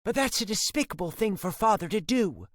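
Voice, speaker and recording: A man's voice: high-pitched, very animated, fairly quick, no room sound, studio quality, voice pushed up. A man voicing a distraught middle-aged mother who pleads with her son. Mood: shocked. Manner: pleading, upset.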